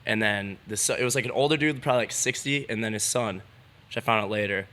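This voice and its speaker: A man's voice: on the low side, fast, pushed and bright. A young man, a BMX rider, telling a story as a podcast guest in a laid-back way, swearing freely and filling with "like". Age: young adult. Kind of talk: casual storytelling.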